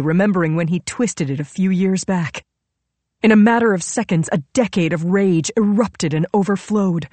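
Woman, audiobook narration, low voice, slow unhurried pace, dry close sound. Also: darkish tone, no room sound. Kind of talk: scripted narration.

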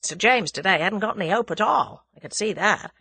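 A woman's voice: medium pitch, expressive, a little fast, sharp tone, slightly rough, dry recording, heavily acted. A woman voicing a brash, friendly young American man who talks in folksy slang. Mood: earnest.

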